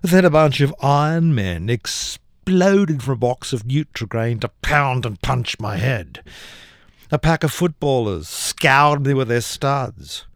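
Man, poet, comic performance poetry, animated theatrical delivery, slow, dry studio sound. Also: medium pitch, dry recording. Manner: theatrical, with big dramatic swings in voice.

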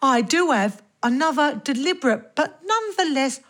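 A woman's voice: high voice, lively intonation, moderate pace, fairly bright tone. A woman playing Charlie, a chirpy host. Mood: chirpy banter. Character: cheeky Cockney radio host Charlie. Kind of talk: comic radio sketch.

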